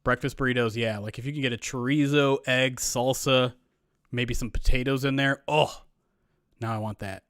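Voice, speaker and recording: A man hosting a live stream in relaxed chat, rambling from one thing to the next and restarting sentences as he reads comments. His voice sits at an ordinary middle pitch. The sound is dry and close, as from a desk microphone at home. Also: moderate pace, clear, resonant tone, no echo. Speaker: streamer host.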